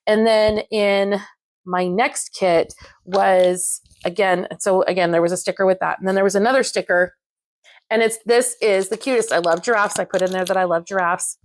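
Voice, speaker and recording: Woman craft vlogger, gushing and chatty, mid-range pitch, dry unechoed sound. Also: normal speed, no echo. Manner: gushing, excitable, chatty with many fillers. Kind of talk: casual unboxing chat to camera.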